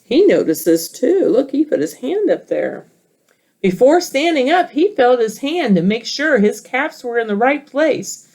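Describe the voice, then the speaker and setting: A woman teacher reading a picture book aloud to children, expressive and asking listeners questions. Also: sits high, unhurried.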